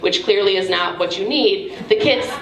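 A woman's voice: medium pitch, normal speed, soft background music. A woman casually explaining a math tool to teachers at an event. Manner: chatty, informal. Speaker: presenter. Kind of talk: casual demo talk. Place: museum event room. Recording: echoey room.

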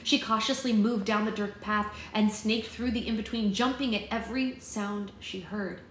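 A woman hosting a book club, reading a children's novel aloud in a steady, plain storytelling manner with small slips. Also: mid-range voice, moderate pace, reverberant, slight background noise, poor audio.

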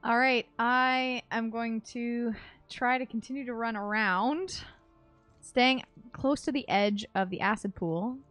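A woman playing a tabletop game, talking through her moves in a quick, chatty way with fillers. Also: on the high side, fairly bright tone, dry recording, soft background music. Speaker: player. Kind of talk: casual tabletop game chat.

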